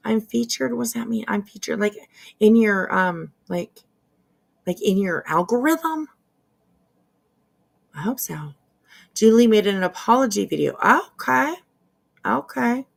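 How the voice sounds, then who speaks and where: A woman's voice: fairly high pitch, lively intonation, a little slow, vocal fry, pauses often. A woman hosting casual drama commentary, rambling and hesitant with lots of fillers and restarts, and dropping sarcastic asides. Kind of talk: casual commentary over clips.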